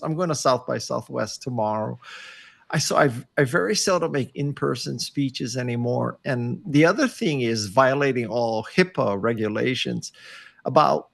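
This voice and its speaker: An older man with a gravelly, creaky edge to his voice talks as a guest over a video call. He is wry and self-deprecating and leans hard on his points. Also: medium pitch.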